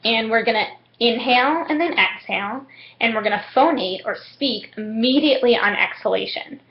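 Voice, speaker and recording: A young woman calmly explaining speech therapy techniques step by step, with frequent "um"s. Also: a little high, normal speed. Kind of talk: instructional demonstration. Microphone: webcam. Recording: muffled webcam audio.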